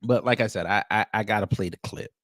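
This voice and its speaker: A man's voice: fairly low pitch, fast, fairly bright tone, no echo, studio quality. A man hosting casual reaction commentary, talking to his viewers as family with frequent stammered restarts. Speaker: commentary show host.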